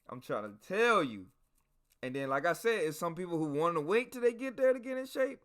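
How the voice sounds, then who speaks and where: A man's voice: high voice, big pitch swings, fairly quick, fairly bright tone. A man hosting a podcast, telling stories casually and profanely, talking straight to his listeners. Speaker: podcast host. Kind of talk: casual storytelling.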